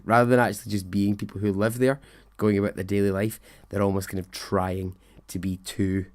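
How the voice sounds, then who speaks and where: A man's voice: low-pitched, darkish tone. Chatty man telling a story. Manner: chatty, rambling asides, self-deprecating. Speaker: podcast host. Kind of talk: storytelling monologue.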